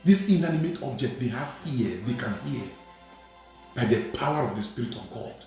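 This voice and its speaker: A man preaching a sermon as a priest, repeating phrases and building to sudden shouted emphasis. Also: medium pitch, expressive, normal speed. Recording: very echoey room with faint music.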